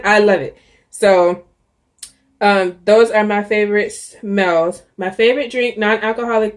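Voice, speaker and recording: A young adult woman vlogging, talking casually and candidly to the camera, with frequent ums and restarts. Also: fairly high pitch. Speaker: YouTuber.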